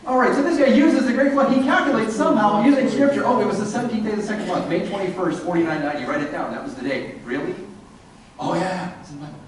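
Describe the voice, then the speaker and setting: Speaking quickly in a high-sitting voice, a man lectures an audience with animated sarcasm and humor. The sound comes from a distant mic in an echoey hall.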